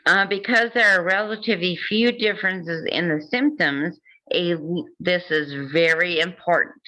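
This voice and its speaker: A woman's voice: fairly low pitch, steady tone, moderate pace, pushed and bright, lo-fi sound. A woman hosting a casual talk, reading passages aloud and adding joking asides. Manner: reads passages then comments with jokes and laughs. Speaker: host.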